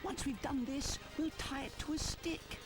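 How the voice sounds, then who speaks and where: A storyteller voicing a group of small, helpful spring imps who talk in a bright, chirpy way. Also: sits high, a little slow, over music, pitched above the performer's own voice.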